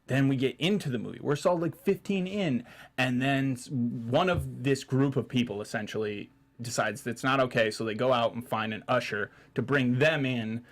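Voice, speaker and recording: A man hosting a podcast in a studio, telling a story in casual chat and acting out the people he quotes in loud, raised voices. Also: mid-range voice, normal speed. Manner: animated storyteller, acts out quotes loudly. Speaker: podcast host.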